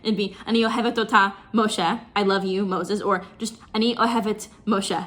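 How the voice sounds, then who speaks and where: Reaction-video host, woman, tense bright tone, chatty explainer who laughs often. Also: mid-range voice, fairly even intonation, rapid-fire. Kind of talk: casual reaction commentary.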